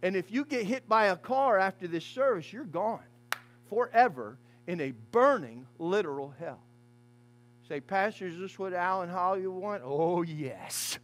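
A man preaching a fiery funeral sermon as pastor in a church, swinging from hushed asides to shouted lines. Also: sits high, expressive, measured pace.

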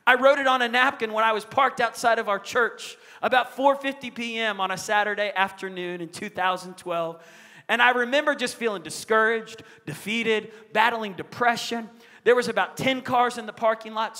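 A middle-aged man preaching from a church stage, his voice high and bright. He leans into emphatic call-and-response lines, and the long reverb of the sanctuary trails behind each phrase. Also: normal speed. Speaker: pastor. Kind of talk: sermon.

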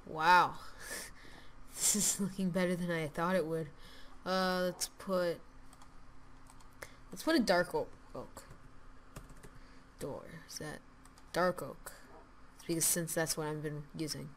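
A woman casually commenting as she builds in a video game, mostly muttering to herself, repeating words, and growing loud and cheery when she signs off. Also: lowish voice, fairly even intonation, slow, long pauses, a little hiss or hum. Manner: mutters quietly while building, then loud and upbeat when signing off; repeats words and restarts phrases. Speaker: gaming channel host.

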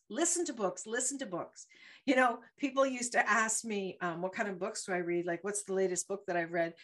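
A woman's voice: medium pitch, a little fast, fairly bright tone. A middle-aged woman hosting a motivational talk show, telling stories animatedly and laughing often. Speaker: host.

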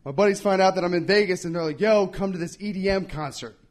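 High-voiced man doing animated stand-up. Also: fast talker. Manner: animated storytelling, acts out characters with shouts and whispers. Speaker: stand-up comedian. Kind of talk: stand-up comedy set. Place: live podcast event before an audience.

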